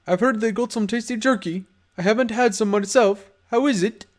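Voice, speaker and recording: A man's voice: sits high, normal speed, voice pushed up, close to an everyday voice. A man voicing a menacing, crude male pony gangster in a fan audiobook, taunting and swaggering.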